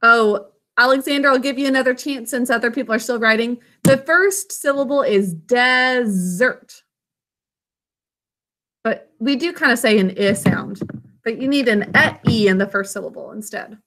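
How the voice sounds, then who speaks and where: A woman teaching young children a phonics lesson, patient and encouraging as she sounds out words slowly. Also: on the high side, fairly bright tone.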